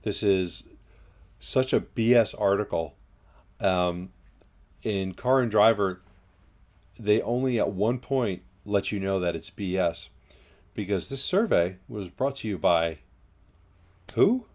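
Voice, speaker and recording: A man's voice: on the low side, a little slow, long pauses, a little mellow. A man co-hosting a casual podcast, talking in a blunt, opinionated way. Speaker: co-host.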